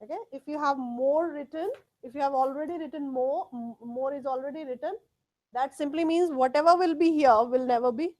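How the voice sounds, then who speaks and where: Woman, high voice, tutor, repeats words in drills. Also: fairly quick, a little mellow. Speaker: English test tutor. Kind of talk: live class teaching.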